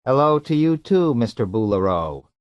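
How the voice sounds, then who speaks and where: Male reader playing a tinny robot psychiatrist in a suitcase, prim and touchy, higher than his narrating voice, very dry sound. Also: big pitch swings, moderate pace, clean tone, no room sound, lightly acted. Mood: chirpy. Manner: prim, fussy, huffy.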